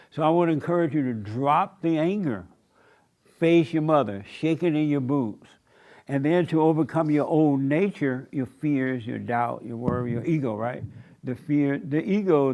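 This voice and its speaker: A man's voice: mid-range voice, muffled recording. A man preaching a sermon in an emphatic, repetitive cadence with folksy turns of phrase. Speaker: pastor.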